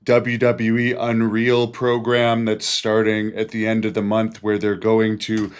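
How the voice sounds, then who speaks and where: A man's voice: lowish voice, completely flat delivery, smooth. A man hosting a podcast interview, asking long questions with frequent restarts and repeated words. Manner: halting, repeats words while framing questions. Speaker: podcast host.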